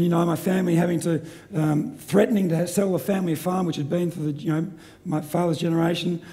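A middle-aged man giving a live seminar talk, energetic and joking as he quizzes the audience. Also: high-pitched, creaky. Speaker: seminar presenter.

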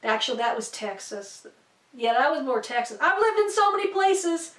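A woman's voice: high voice, sing-song, moderate pace, fairly bright tone. A woman teaching about the Bible in a casual, rambling way, full of fillers and asides. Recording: echoey room, distant from mic.

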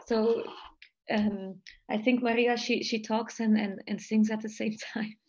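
A woman's voice: on the high side, flat delivery, measured pace, a little mellow, highs cut off, a little hiss or hum. A Belgian woman who teaches jazz voice, speaking English in an online interview and analyzing singing technique in a thoughtful, careful way. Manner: thoughtful, analytical, light laughs between points. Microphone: video call.

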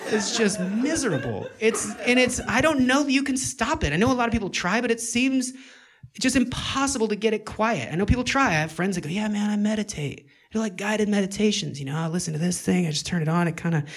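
A man's voice: high-pitched, fast talker, fairly bright tone. Stand-up man on a club stage, self-mocking and rambling, acting out his inner voice into a handheld mic. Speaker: stand-up comedian. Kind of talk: stand-up comedy routine. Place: comedy club stage with audience.

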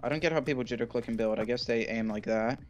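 A man chatting casually while gaming with friends, reacting quickly to fights and getting frustrated with the game. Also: medium pitch, muffled recording, slight background noise. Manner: quick live reactions during combat. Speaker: gamer playing with friends.

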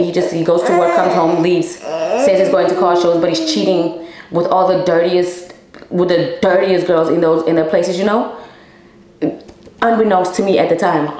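A woman's voice: lowish voice, a little mellow, roomy sound, low-quality recording. A young woman telling a personal story to her viewers in a candid, emotional way, swearing freely and calling them y'all. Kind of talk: casual storytime.

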